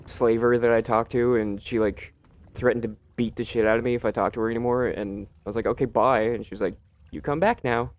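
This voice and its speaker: A man's voice: mid-range voice, little pitch movement, fast, darkish tone. A man commentating his own gameplay, joking and sarcastic, talking back to game characters. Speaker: let's play host.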